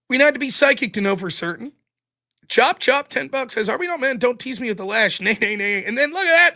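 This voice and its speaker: A man hosting a live stream, reading viewer messages aloud with sarcastic, animated commentary. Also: sits high. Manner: sarcastic and animated, mocking repetition. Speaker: livestream host.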